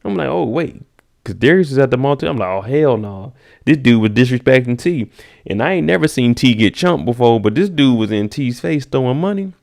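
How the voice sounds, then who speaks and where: With lively intonation, a brisk pace, vocal fry, and a darkish tone, a man recaps a TV episode on his stream. He keeps it laid-back and slangy, greets chatters by name, and acts out scenes in high voices.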